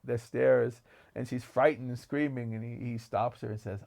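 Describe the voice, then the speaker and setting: A man's voice: medium pitch, fairly even intonation, moderate pace, gravelly, a little mellow. A man co-hosting a podcast, talking about films in an enthusiastic, rambling way. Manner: enthusiastic, digressive storytelling. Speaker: podcast co-host. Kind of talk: casual film discussion.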